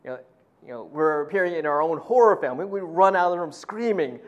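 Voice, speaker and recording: A male pastor giving a sermon, telling stories in a conversational, animated way. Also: on the high side, quick pace, dull audio.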